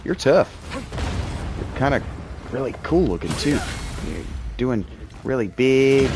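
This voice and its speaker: A man in his thirties, chatty and excitable, talking to a game character in-character as he plays and sometimes yelling in bursts. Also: medium pitch, slow pace, pauses often, noisy background. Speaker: gaming streamer roleplaying his character. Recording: music playing behind.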